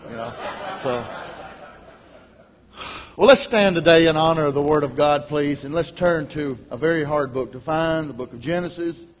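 A man's voice: fairly high pitch, normal speed. Folksy male preacher in an echoing church. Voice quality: loud, carrying voice. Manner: folksy, joking asides to the congregation. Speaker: guest preacher. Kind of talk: sermon. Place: large church. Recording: long hall reverb.

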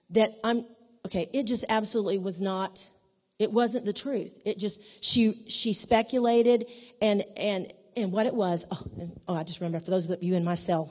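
A woman giving a conversational church teaching in an animated way, acting out the dialogue in her stories. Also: mid-range voice. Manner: animated, acts out quoted dialogue. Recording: long reverb of a large hall.

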